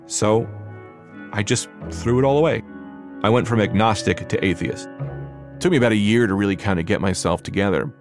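A man's voice: lowish voice, brisk. Young man telling a personal story over music. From New Jersey. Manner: conversational, animated when reliving quotes. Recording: music underneath.

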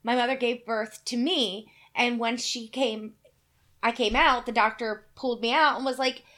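A woman's voice: a little high, moderate pace. A woman in her forties from Kentucky, telling a family story in casual chat and acting out the voices. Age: 40s. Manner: animated storyteller, acts out quoted voices, swears casually.

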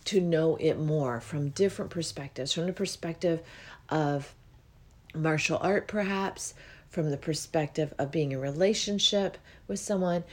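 A slightly low-voiced woman hosts a spiritual podcast in a loose, meandering monologue. She yawns often as she talks and keeps an easy, unhurried flow. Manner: yawns often while talking, relaxed and meandering. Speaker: podcast host.

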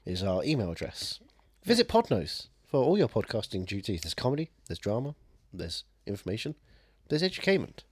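A man's voice: lowish voice, sing-song, brisk, hardly any pauses, darkish tone, husky, no room sound. A man hosting a podcast, chatting casually with sweary jokes. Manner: joking, sweary banter. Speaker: podcast host. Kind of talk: casual chat.

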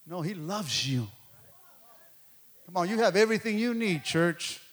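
A man's voice: high-pitched, lively intonation, a little slow, a bit bright. A man preaching a sermon as a pastor, emphatic and conversational, pressing his points home.

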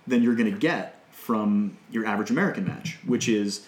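A man's voice: fairly low pitch, moderate pace, darkish tone. Man chatting in a roomy echo. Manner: laughs often, explains wrestling rules. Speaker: podcast host. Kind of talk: casual podcast chat.

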